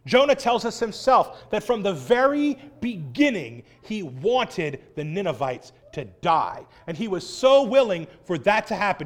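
A man preaching a sermon in an animated, wry way, acting out voices as he quotes. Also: high voice, measured pace, few pauses.

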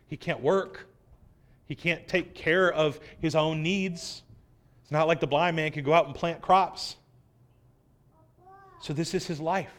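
A male pastor preaching a sermon, reading scripture dramatically, swelling loud and then dropping soft. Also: fairly high pitch, unhurried, pauses often.

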